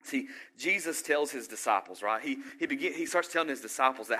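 Talking fast and animatedly in a mid-range voice, a middle-aged pastor delivers a conversational sermon. He frequently questions the congregation and works up to loud exhortation.

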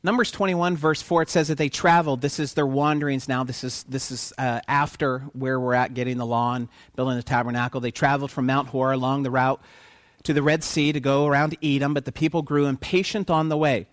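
A man preaching a sermon who keeps asking his listeners questions and pauses for their answers, swinging from quiet to loud for emphasis. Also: medium pitch, fairly even intonation, dry recording, studio quality.

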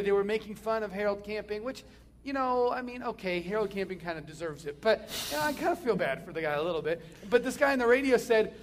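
A male preacher with a high, gravelly voice delivering a sermon. He is dynamic, pushing hard on key phrases and then dropping to a hush. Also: lively intonation, fast talker. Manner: dynamic, swings from loud emphasis to hushed near-whispers.

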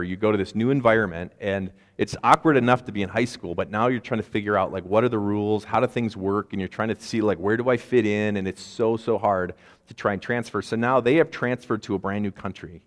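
A man's voice: lowish voice, fast talker, long reverb tail. A man in his forties preaching a conversational sermon with self-deprecating asides. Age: 40s. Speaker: pastor.

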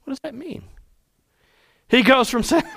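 A man preaching a sermon, animated, acting out quoted voices and dropping at times to a hushed tone. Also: very high-pitched, vocal fry. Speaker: pastor.

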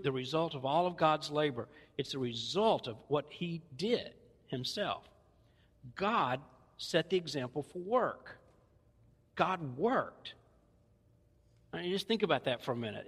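A man's voice: a little high, a bit bright. Southern preacher man in a big echoing hall. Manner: folksy, conversational preaching with playful asides. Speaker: pastor. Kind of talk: sermon. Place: church.

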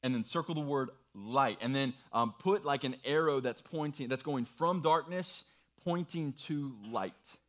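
Man, earnest youth preacher, encouraging, step-by-step instructions, mid-pitched voice. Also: unhurried, a bit bright. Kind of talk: sermon with worksheet activity.

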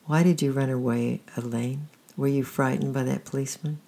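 A storyteller reading the lines of a kind grown man who speaks gently and reassuringly, in a creaky, husky voice. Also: medium pitch, steady tone, brisk. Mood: gentle.

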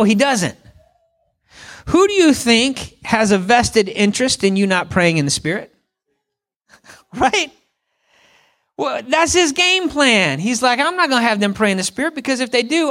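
A pastor preaches a sermon in a lively, playful way, often putting questions to the congregation. His voice sits high.

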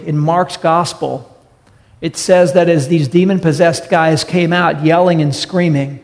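A man preaching in a church sanctuary, his somewhat high voice carried on a long hall reverb. He is a pastor in full sermon mode, direct and emphatic, and he keeps putting rhetorical questions to the congregation. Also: a little mellow.

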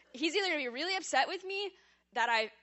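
With a high-pitched voice and a moderate pace, a woman recounts her personal testimony before a church congregation. She's chatty, animated and self-deprecating, even joking that she yells when she talks.

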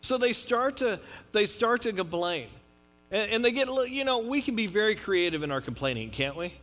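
A man's voice: high-pitched, lively intonation, a little fast, fairly bright tone. A middle-aged male pastor from Texas preaching a sermon in a conversational, rambling way, with frequent restarts and asides. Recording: long hall reverb with mains hum.

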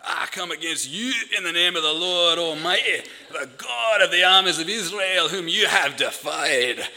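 A man putting on a loud, declaiming Scottish accent to play a Scottish woman reading scripture aloud. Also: fairly high pitch, expressive, normal speed, long reverb tail, pitched above the performer's own voice, heavily acted. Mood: defiant. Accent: attempted Scottish.

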